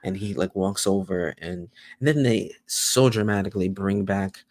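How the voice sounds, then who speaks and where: A man co-hosting a casual TV review, retelling fight scenes step by step in slangy, halting talk. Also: deep voice, a little mellow. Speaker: podcast co-host reviewing a TV episode. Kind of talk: casual chat.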